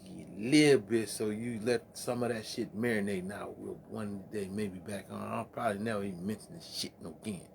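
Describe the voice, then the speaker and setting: A man's voice: fairly low pitch, steady tone, brisk, gravelly, hardly any pauses, slight background noise. A man hosting a late-night music stream, rambling in profane, laughing, casual chat between songs.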